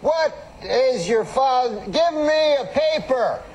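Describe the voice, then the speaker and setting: A man doing an impression of an older male comedian, speaking in slow, halting, drawn-out phrases from a noisy archive clip. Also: extremely high pitch, animated, voice pushed up, exaggerated voice. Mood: puzzled.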